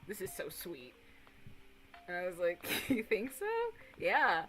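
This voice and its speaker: A young woman in her twenties streaming casual chat, rambling and animated, swearing casually and breaking into excited impressions of others. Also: on the low side, unhurried, soft background music, low-quality recording.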